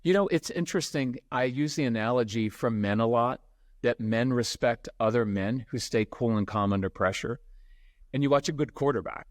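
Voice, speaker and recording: A middle-aged man, a parenting expert appearing as a podcast guest, tells stories at a moderate pace in a mid-range voice. He's an animated storyteller who acts out the people in his tales, and the clean studio sound has no echo.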